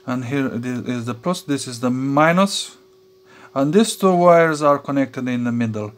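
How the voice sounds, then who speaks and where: Here the hobbyist vlogger sounds expressive, his medium-pitched voice carrying casual commentary on a soldering job at the workbench. Fillers and restarts break up his halting speech, and he laughs softly to himself.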